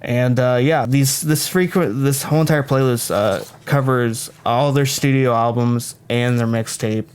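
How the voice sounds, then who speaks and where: A man's voice: medium pitch, fairly even intonation, a little slow, few pauses, darkish tone, clean tone. Rambling young man chatting about music. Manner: rambling, self-correcting, joking. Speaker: podcast co-host. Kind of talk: casual music podcast chat.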